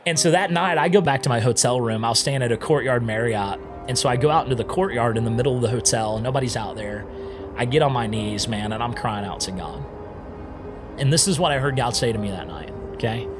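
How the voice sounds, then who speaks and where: A man recounts his personal testimony as a missionary, relaxed and conversational, peppering his sentences with "man" and "right?". Music plays clearly beneath his voice throughout. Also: mid-range voice, fast. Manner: casual, keeps saying "man" and "right?". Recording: music playing underneath.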